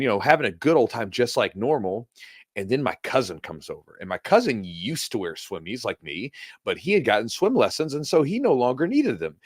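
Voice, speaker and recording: A man co-hosting a casual podcast and telling a long, animated story, acting out the other people's voices as he goes. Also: medium pitch, no echo, clean studio sound. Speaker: podcast co-host. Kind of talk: casual chat.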